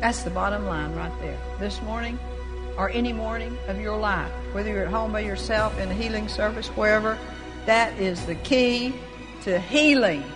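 A woman's voice: mid-range voice, moderate pace, music in the background. A woman preaching a sermon, reading scripture aloud and rising into bold, emphatic proclamation. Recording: long reverb of a large hall.

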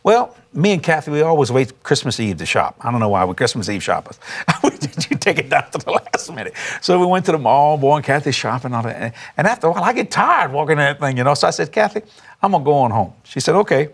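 A man, a pastor telling a testimony story with animated, laughing preacher emphasis. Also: fairly high pitch, fast talker. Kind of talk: storytelling testimony on a talk show.

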